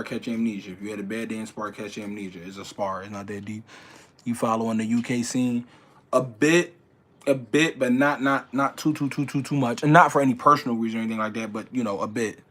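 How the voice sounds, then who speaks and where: Laid-back Philly boxer chatting with viewers. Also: male voice. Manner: animated, incredulous when ranting, then low and mumbled. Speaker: boxer answering viewer questions. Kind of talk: casual livestream chat.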